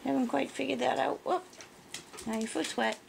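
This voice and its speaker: A woman's voice: high-pitched, moderate pace, vocal fry, a little hiss or hum. A woman filming her puppies at their pen indoors and talking to them in a cooing, baby-talk way. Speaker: puppy owner filming her litter. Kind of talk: casual talk to pets.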